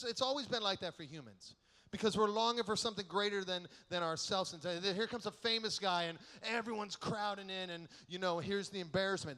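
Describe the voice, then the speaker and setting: A male keynote speaker preaching to a youth conference, animated and playful, acting out the people in his stories. His voice sits a bit high, and a long echo from a large hall trails each phrase. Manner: animated, joking storyteller who acts out quotes.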